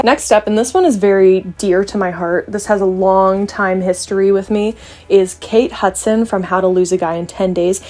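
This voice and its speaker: A young woman from Canada talks straight to camera in a relaxed, joking way, full of playful asides and teasing tangents. Her voice sits at an ordinary middle pitch, with soft music playing faintly underneath. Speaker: vlogger. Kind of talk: casual chat to camera.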